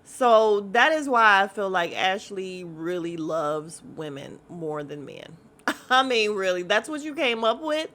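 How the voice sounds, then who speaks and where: A woman's voice: mid-range voice, expressive, a little slow, fairly bright tone. A woman hosting a casual podcast, recapping a reality show in a sassy, blunt manner and swearing freely. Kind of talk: casual chat.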